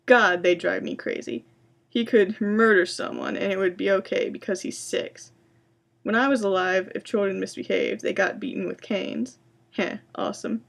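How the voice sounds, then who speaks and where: A woman's voice: mid-range voice, steady tone, moderate pace, gravelly. A woman voicing a blunt, sarcastic teenage girl who talks in an offhand, casual way.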